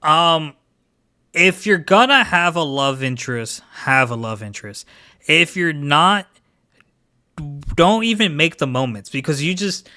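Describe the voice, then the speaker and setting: Bright-voiced man rambling about anime. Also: on the high side, big pitch swings, a little slow. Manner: rambling, full of fillers like "like". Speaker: podcast co-host. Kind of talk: casual anime chat.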